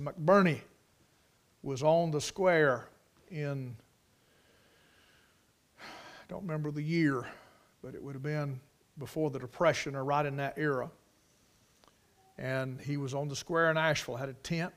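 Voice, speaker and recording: A man preaching a sermon, moving from quiet storytelling to loud, emphatic preaching. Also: a little high.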